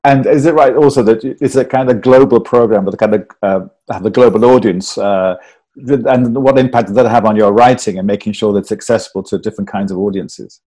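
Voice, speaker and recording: A man hosting a podcast, asking long, measured and polite interview questions. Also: lowish voice, mellow. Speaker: podcast host.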